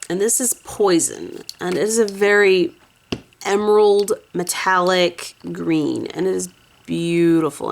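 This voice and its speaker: A woman casually talking through her nail polish swatches at home, slow and rambling with restarts. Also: gravelly. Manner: soft high cooing baby talk to her cat. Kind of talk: casual swatch video chat.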